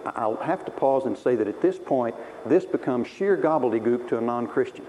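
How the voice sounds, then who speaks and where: A man preaching a sermon, animated, acting out the lines he quotes. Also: medium pitch, fairly quick, slight background noise, low-quality recording. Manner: animated, voices quoted speakers dramatically.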